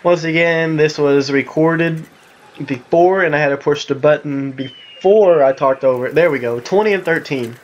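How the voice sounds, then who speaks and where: A man from the Southern US with a Southern accent, giving casual, rambling voice-over commentary on his own gameplay, excitable and jokey with sarcastic asides. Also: on the high side, normal speed, dull audio. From Southern United States. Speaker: gaming commentator.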